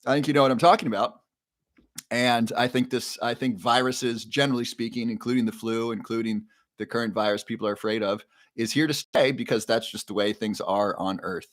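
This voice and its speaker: 잔향 없이 건조하게 녹음된 남성 라이브 방송 진행자, 채팅창의 이름과 질문을 읽으며 편하게 이야기함. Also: male voice, medium pitch, fairly even intonation, brisk, no echo, clean studio sound. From Ohio. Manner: reads viewer names and questions from chat aloud. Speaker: livestream host. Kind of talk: casual live-stream chat.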